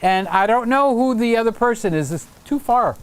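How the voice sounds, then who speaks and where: An excitable, jokey man hosting a casual livestream from a home room, reading out viewer comments with lots of fillers and teasing. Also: very high voice, moderate pace, clean tone. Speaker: livestream host. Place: home room with Christmas tree set.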